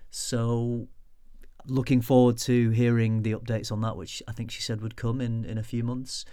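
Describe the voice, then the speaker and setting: A man's voice: mid-range voice, level tone, moderate pace, warm tone, clean tone, no echo, clean studio sound. A man co-hosting a casual podcast, chatty and teasing in a friendly way. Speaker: podcast co-host. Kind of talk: casual chat.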